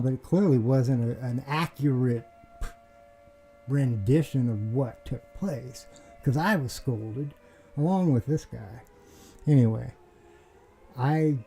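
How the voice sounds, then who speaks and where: Slow, mellow-voiced man telling a grievance. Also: mid-range voice, slightly rough, low-quality recording. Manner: rambling, restarts, swears, aggrieved. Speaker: vlogger. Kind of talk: casual storytelling monologue.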